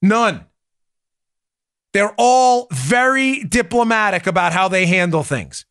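Here a New York man runs a political podcast, punching out opinions, repeating his main points, and reading ads in his own voice. He speaks slowly in a high, animated voice that is fairly bright and clean, captured dry with studio quality.

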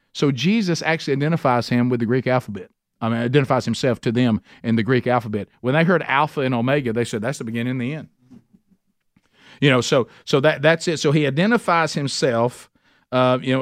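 A man teaching a men's Bible study to a group in a conversational, animated preaching manner with emphatic repetition. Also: mid-range voice, dry recording, studio quality. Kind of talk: sermon-style Bible teaching. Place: meeting room with a group.

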